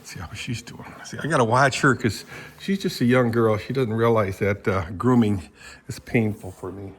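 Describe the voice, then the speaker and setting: This rambling vlog comes from an older Michigan man, USA, who speaks to his animals around the house and the horse stalls, his talk full of fillers and recorded on a handheld phone. His lowish voice moves at a moderate pace, and there is slight background noise.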